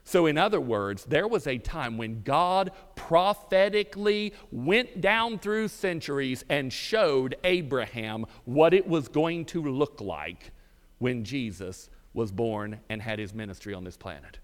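A man preaching a sermon, with dramatic pauses and drawn-out emphasis. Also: medium pitch, lively intonation. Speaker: pastor. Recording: reverberant hall.

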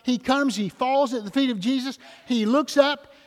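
An older man preaching a sermon in a church, rising loud then dropping soft, with questions to the congregation. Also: very high voice, normal speed, big-room sound. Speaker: pastor. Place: church sanctuary.

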